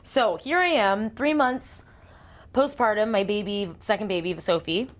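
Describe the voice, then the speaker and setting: A woman in her thirties, a singer-songwriter telling stories in a casual interview, animated, acting out quotes and laughing often. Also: mid-range voice, measured pace.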